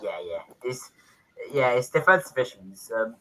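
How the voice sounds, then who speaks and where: Bright-voiced rambling male pundit. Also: mid-range voice, animated, moderate pace, poor audio. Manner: rambling, cheeky banter. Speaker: panelist. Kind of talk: casual football panel chat.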